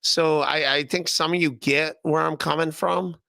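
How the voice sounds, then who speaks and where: Podcast host, man, 30s, from Northeast Ohio; loose, profane rambler who laughs a lot, gravelly and punchy, dry close mic. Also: on the high side, fairly even intonation, moderate pace, sharp tone, no room sound. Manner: rambling, profane, laughing often, repeating himself. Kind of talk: casual livestream chat reading chat comments.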